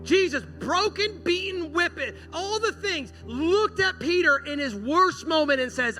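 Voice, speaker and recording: A man delivering a sermon with a notably high-pitched voice, telling the story with lively acted-out dialogue. Music plays clearly underneath him the whole time. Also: unhurried, few pauses. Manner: animated storytelling, acting out quoted dialogue. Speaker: pastor. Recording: music playing behind.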